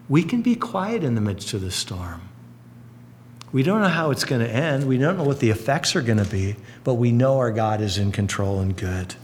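A man delivers a sermon in an earnest, storytelling way, his voice rising and falling as he builds each point. His voice sits in a middle range. The sound carries a long reverb, as if filling a church hall. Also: a little hiss or hum. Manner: earnest, storytelling, lively swings in pitch and volume. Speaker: pastor.

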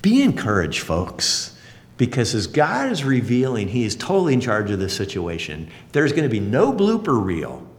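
A man delivering a sermon in a casual, folksy way, his pitch leaping and swooping as he gets excited. His voice rings out with a long reverb, as if in a big hall. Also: moderate pace. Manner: animated, folksy and conversational, leaps up for exclamations. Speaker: pastor.

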